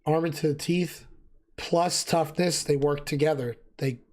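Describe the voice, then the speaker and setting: A man who is losing his voice explains game gear in a relaxed, casual talk, thinking aloud with frequent fillers. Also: fairly high pitch, a little slow. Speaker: gaming video host.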